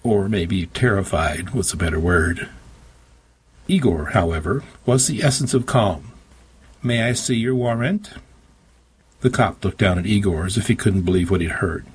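A man's voice: sits low, moderate pace, husky. A man reading a story aloud in a dry, wry first-person narration. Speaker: audiobook narrator. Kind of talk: scripted narration.

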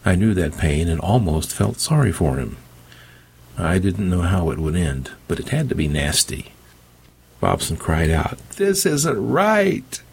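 A man's voice: sits low, measured pace, creaky, darkish tone, slightly rough. A man narrating an audiobook in the first person with dry, wry storytelling.

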